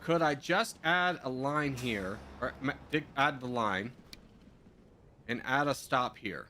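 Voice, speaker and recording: A man's voice: medium pitch, lively intonation, slow, sharp tone, slight background noise. A man casually commenting on his own gameplay while live streaming, muttering to himself as he builds and answering chat.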